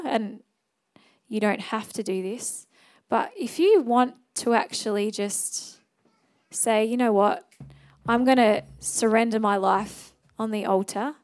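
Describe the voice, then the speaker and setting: A young adult woman preaching a sermon in an earnest, conversational way, moving into a quiet prayer and altar call. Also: a little high. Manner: earnest, conversational, fillers and restarts.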